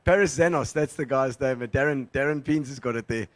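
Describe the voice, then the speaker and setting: A man's voice: mid-range voice, brisk, crowd noise. Chatty male host. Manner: chatty, laughs along, prompting questions. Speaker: show host. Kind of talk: casual interview chat.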